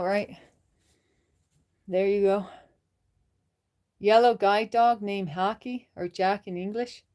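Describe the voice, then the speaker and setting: A woman hosting a casual livestream, chatting with viewers, reading their comments and laughing often. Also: medium pitch. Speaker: livestream host.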